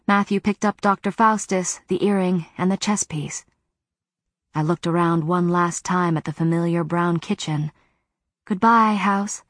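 A woman narrates a first-person novel in a measured, even voice. Her voice sits on the low side, recorded close on a studio mic. The sound is dry, with no room echo. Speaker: audiobook narrator.

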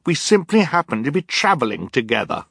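A man's voice: lowish voice, expressive, moderate pace, a bit bright, slightly rough, no echo. Brief: earnest teenage girl in a storybook, raised and dry-toned, voiced by a man. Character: determined resourceful teenage girl. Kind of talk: audiobook character voice.

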